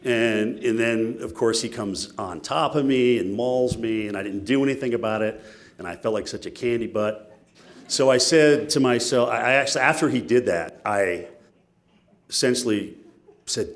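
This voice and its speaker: A man giving a keynote speech, telling stories in an animated, self-mocking way. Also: medium pitch, normal speed. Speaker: keynote speaker.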